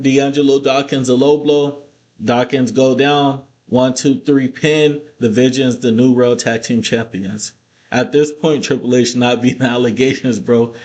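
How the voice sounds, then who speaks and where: A man recapping a wrestling show in a casual vlog, cursing freely and breaking into heated rants. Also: mid-range voice. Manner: profane, ranting, animated asides.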